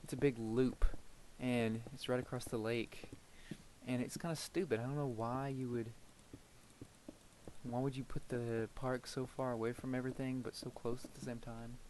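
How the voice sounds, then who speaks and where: A man's voice: mid-range voice, flat delivery, moderate pace, darkish tone, slight background noise. A man chatting casually over his own gameplay, rambling from one story to the next. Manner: rambling and chatty, with frequent fillers and laughs. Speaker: gameplay video creator.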